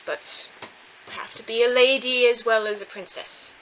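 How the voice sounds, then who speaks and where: A woman's voice: fairly high pitch, steady tone, normal speed, fairly bright tone, a little hiss or hum, poor audio. A woman playing her character in a tabletop game, talking in a hesitant way with frequent restarts and laughter. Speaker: tabletop player voicing a princess. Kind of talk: in-character tabletop role-play.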